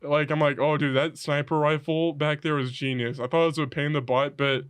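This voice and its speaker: A young man co-hosting a podcast, casually retelling a video game plot with animated asides. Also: a little high, smooth. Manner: animated storytelling, acts out game characters in quick asides. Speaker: podcast co-host. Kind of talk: casual chat.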